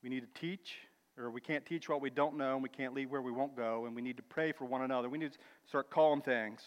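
A man preaching a sermon with emphatic, building declarations and quieter asides, calling listeners brother and sister. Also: mid-range voice, steady tone, quick pace. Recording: long reverb of a large hall.

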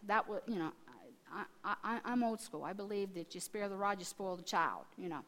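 Animated woman preaching in a reverberant hall. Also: medium pitch, a little fast, hardly any pauses. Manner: animated storytelling, acting out quotes with restarts. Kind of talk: sermon. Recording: long reverb of a large hall.

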